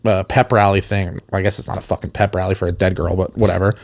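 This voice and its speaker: A man's voice: low voice, level tone, fast talker, vocal fry. A man on a casual podcast, co-hosting and telling a long rambling story, often laughing between his words. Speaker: podcast co-host. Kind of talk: casual chat.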